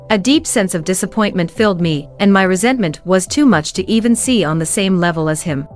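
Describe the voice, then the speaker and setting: A woman's voice: fairly low pitch, a little fast, hardly any pauses. A young woman narrating a first-person werewolf romance story in a cold, cutting manner, with faint music behind.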